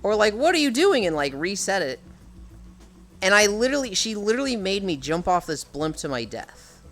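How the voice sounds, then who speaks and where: Bright, animated male streamer. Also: high-pitched, moderate pace, faint music behind. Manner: rambling, exasperated, swears a lot. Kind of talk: casual chat on a live stream.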